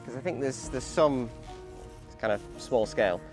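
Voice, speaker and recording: A man's voice: medium pitch, normal speed, over music. A man from England bantering drily on an outdoor countryside walk. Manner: jokey, dry banter. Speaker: travel vlogger. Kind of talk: casual chat on a walk.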